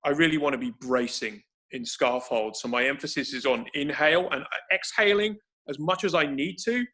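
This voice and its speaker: A man's voice: fairly high pitch, a little fast, bright, forceful tone. A man explaining breathing techniques for grappling over a video call, thinking aloud with frequent restarts. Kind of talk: explanatory conversation.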